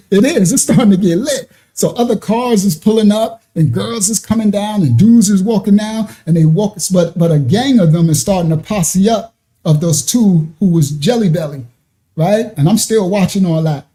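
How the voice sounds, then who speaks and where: A middle-aged man, telling a story in animated, slangy casual talk with laughing asides. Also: high voice, moderate pace. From New York.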